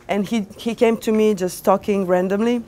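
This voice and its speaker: A young woman DJ telling her story to an audience in animated, non-native English with small grammar slips, lots of fillers and restarts. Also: mid-range voice, moderate pace, a little hiss or hum. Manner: animated, acts out quoted dialogue. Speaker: DJ giving a lecture.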